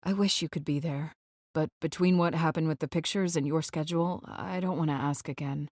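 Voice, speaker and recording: Brief: a woman reading as a guarded young rock star, hushed and low-pitched, bone-dry studio sound. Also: steady tone, a little fast, no room sound. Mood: tender. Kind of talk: audiobook character voice.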